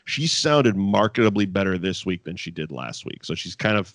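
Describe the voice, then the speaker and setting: A man's voice: deep voice, normal speed, no echo. A man casually recapping an old wrestling show with a co-host, swearing freely and laughing often. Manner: profane, animated, laughs often. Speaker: podcast co-host.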